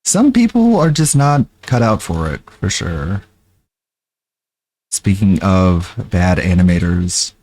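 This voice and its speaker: A man's voice: sits low, big pitch swings, slow pace, darkish tone, dry recording. A man streaming live, reacting to a video with casual comments and laughs.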